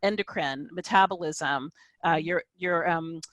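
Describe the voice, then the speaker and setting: A woman scholar talks through a point on a video-call panel, building it layer by layer. She checks in with "right?" and "you know" as she goes. Her voice sits fairly low and sounds dry and close. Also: unhurried, fairly bright tone, no room sound, poor audio. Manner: thoughtful, hedging with frequent "you know" and "right?". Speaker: social scientist panelist. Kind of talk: academic panel discussion.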